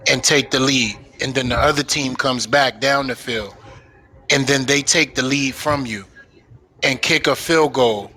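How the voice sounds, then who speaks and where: A man needling a co-host in sports banter, teasing and drawn-out. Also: medium pitch, sharp tone, low-quality recording.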